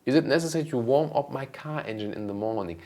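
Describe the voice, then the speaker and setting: A man, hosting a car channel and casually answering viewer questions, relaxed and thinking aloud with lots of ums. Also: mid-range voice, fast talker. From Germany. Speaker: car review host.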